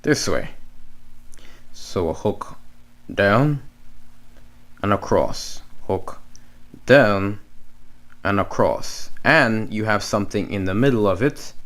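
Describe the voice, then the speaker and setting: A man's voice: fairly low pitch, expressive, measured pace, fairly bright tone. A man teaching Hebrew letters, patiently repeating each sound and stroke several times. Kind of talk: slow step-by-step lesson.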